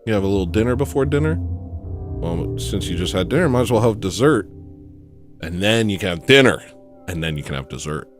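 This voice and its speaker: A man hosting a comedy livestream, rambling deadpan through absurd asides. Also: on the low side, quick pace, soft background music.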